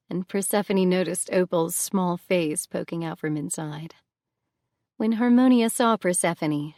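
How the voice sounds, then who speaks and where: A woman narrating an audiobook in a calm, measured way. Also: lowish voice, no room sound, clean studio sound. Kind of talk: scripted narration.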